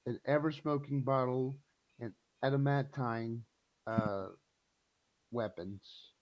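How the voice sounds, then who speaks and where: A man talks very slowly and deliberately, pausing with ums as he lists options. His voice sits in a middle range and comes through a dull, lo-fi mic. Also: medium pitch, steady tone. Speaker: player. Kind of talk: casual tabletop chat.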